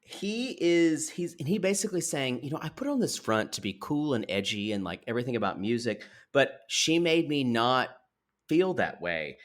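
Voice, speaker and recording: A man co-hosting a podcast, recapping a reality TV episode in gossipy, animated casual chat and speaking to listeners as y'all. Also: medium pitch, normal speed. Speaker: podcast co-host.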